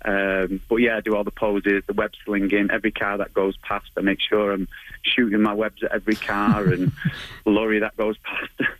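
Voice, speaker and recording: Brief: Manchester-accented man, thirties, fairly low voice, chatty and halting, dry close sound. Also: little pitch movement, fairly bright tone, dry recording, low-quality recording. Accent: Manchester area English. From England. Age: 30s. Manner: chatty, hesitant with many ums, laughs often. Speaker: guest, martial arts instructor. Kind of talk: radio interview answers.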